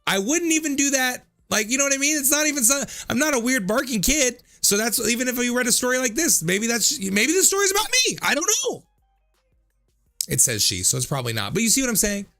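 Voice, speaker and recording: A man in his thirties riffs on viewer comments with loose, joking commentary, cursing and cracking himself up. His voice is gravelly and bright, with lively swings in pitch. Faint music plays behind him. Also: brisk. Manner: animated, jokey, swears freely, laughs often. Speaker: streamer reading viewer comments. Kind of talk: casual comedic commentary.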